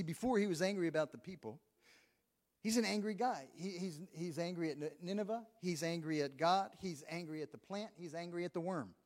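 Preacher man in a reverberant hall. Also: sits high. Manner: conversational preaching, reads scripture aloud, chuckles. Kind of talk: sermon. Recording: long reverb of a large hall.

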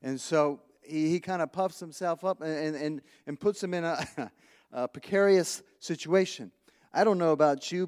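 In a fairly high, darkish voice, a pastor gives a conversational sermon that echoes with long hall reverb. He poses questions to the congregation, chuckles frequently, and repeats words as he thinks.

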